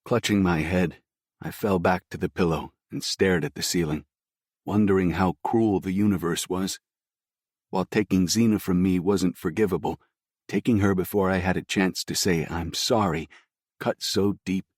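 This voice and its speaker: A man with a deep, low voice reads a first-person story in a slow, somber way. The sound is dry and close, with no room around it. His reading is scripted and steady. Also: dry recording. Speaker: audiobook narrator.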